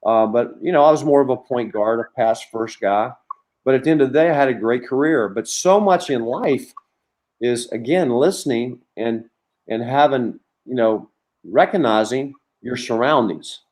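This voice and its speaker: A man's voice: medium pitch, normal speed. A middle-aged man, a former college basketball coach, telling long anecdotes as a podcast guest with lots of restarts. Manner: rambling, animated anecdotes with many restarts. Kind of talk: storytelling in a conversation.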